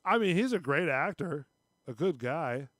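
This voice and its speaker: A man co-hosting a casual podcast chat, ranting with lots of swearing and frequent throat clearing. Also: on the high side, lively intonation, a little slow, fairly bright tone, no echo, clean studio sound. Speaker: podcast co-host.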